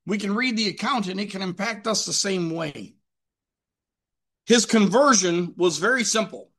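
A man's voice: sits high, lively intonation, normal speed, fairly bright tone. A man preaching a sermon emphatically, with rhetorical questions and repetition.

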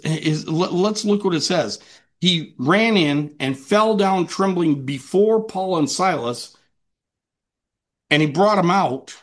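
A man preaching a sermon to a congregation, earnest, asking and answering his own questions and slowing down to read scripture aloud. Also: fairly high pitch. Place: church meeting room with a congregation.

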